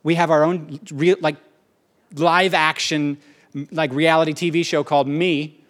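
A sermon comes from a middle-aged man, a pastor who speaks rapidly and energetically. For a male voice his sits fairly high, and he often breaks off for playful asides.

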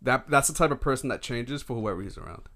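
A man's voice: medium pitch, quick pace, pushed and bright. Brief: easygoing young male co-host, agreeable, casual cursing. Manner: laid-back, agreeable, says "yeah" a lot, swears. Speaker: podcast co-host. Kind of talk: casual chat.

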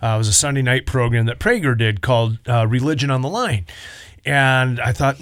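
A man who is a pastor, chatting casually and telling a story with lively acted-out quotes, on a close mic. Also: medium pitch, brisk, dry recording. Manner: animated storyteller, acts out quotes. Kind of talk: casual chat.

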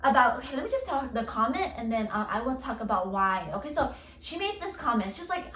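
A young woman rants through a casual podcast monologue, stacking filler words and curses as she vents. Her voice sits high. The recording is roomy and echoey, with her a little off the mic. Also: very animated, moderate pace, fairly bright tone, far from the mic. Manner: ranting, heavy filler words, swears a lot. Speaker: podcast host.

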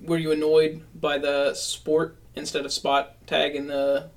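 A man's voice: on the high side, monotone, a little slow, low-quality recording. A man from Pennsylvania chatting playfully and insistently on a podcast. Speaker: podcast co-host. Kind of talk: casual podcast chat.

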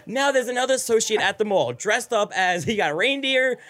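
A man hosting a casual podcast, reacting excitedly to a video with lots of swearing and laughter. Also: sits high, brisk. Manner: excitable, profane, laughing often. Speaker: podcast host.

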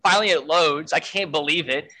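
A man's voice: fairly high pitch, a little fast, bright, forceful tone, poor audio. A man telling a frantic story in a casual way, full of fillers and swearing. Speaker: guest storyteller.

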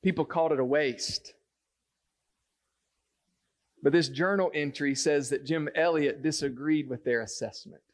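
Male pastor, slightly high voice, earnest sermon delivery from the pulpit. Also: unhurried, long pauses. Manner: earnest, rising to emphatic preaching. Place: church sanctuary.

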